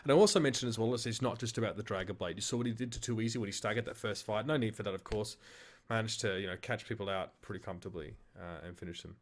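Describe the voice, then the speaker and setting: A man's voice: on the low side, fast. A man with an Australian accent, an esports caster casually reviewing his own casting, frank, swearing freely and mocking himself.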